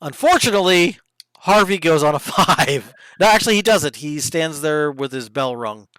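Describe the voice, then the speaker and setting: A man running a tabletop game as game master, narrating combat in lively detail with the odd hushed aside. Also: fairly high pitch, normal speed, smooth, dry recording, low-quality recording.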